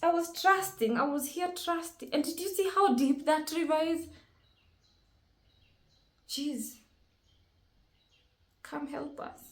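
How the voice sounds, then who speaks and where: A woman's voice: very high-pitched, moderate pace, few pauses. A woman hosting a reaction video, talking casually and emotionally, exclaiming often and thinking aloud. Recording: roomy echo with faint music.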